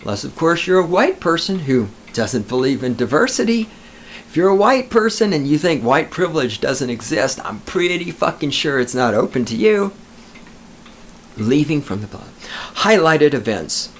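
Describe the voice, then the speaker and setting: A man's voice: fairly high pitch, very animated, normal speed, a little hiss or hum. Sarcastic guy hosting a podcast, swears a lot, mocking tone. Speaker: podcast host. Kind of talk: sarcastic solo podcast rant.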